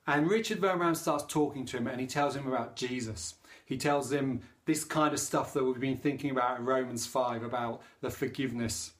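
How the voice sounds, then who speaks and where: A man preaching a sermon in a conversational storytelling manner, with frequent restarts and fillers. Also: a little high.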